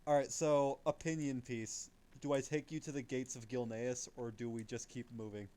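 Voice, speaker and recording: A man chatting casually while leading friends through an online game, explaining mechanics in a relaxed way with the odd swear. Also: mid-range voice, moderate pace. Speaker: gamer leading the group. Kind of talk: casual chat while gaming.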